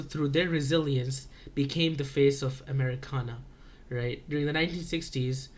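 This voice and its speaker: A teenage boy talks through his school research project in a casual vlog. His pitch sits in an ordinary middle range. He stumbles and restarts often, filling gaps with "uh" as he works out his points. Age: teens. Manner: loose, halting, many restarts and fillers. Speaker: high school student.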